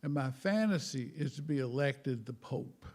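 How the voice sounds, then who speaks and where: A man giving a humorous spiritual talk in a wry, self-mocking way, halting and repeating words, with chuckles. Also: mid-range voice, expressive, a little mellow. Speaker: spiritual speaker.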